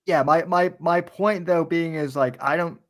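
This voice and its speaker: A man's voice: on the high side, fairly even intonation, slight background noise. A man hosting a casual voice-chat podcast who stumbles and restarts often while reading a sponsor ad. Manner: halting, full of restarts. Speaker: podcast host.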